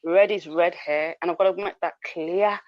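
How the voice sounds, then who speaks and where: In casual podcast chat, this female co-host is emphatic, cuts across the others, and says her points more than once. She speaks at a moderate pace in a fairly low, fairly even voice, with no echo and a dull lo-fi quality.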